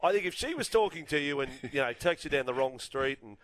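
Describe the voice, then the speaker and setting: An Australian man co-hosting a sports radio show, chatting in a casual, excitable way and laughing often. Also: fairly high pitch, fast talker, no echo. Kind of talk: casual studio banter.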